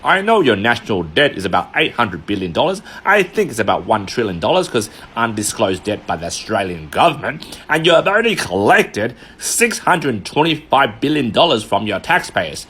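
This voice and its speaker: A man's voice: mid-range voice, very animated, normal speed, hardly any pauses, a bit bright, breathy edge, voice pushed down. Man doing a sly drawling Uncle Sam. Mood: folksy. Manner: sly, wheedling, winking. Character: smug swaggering Uncle Sam, American male.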